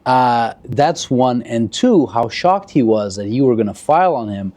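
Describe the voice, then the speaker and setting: A man hosts a casual interview with a relaxed, mellow voice. He asks careful follow-up questions that dig into his guest's story, and his pitch sits in the middle range. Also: measured pace. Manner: thoughtful, probing follow-up questions. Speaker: host.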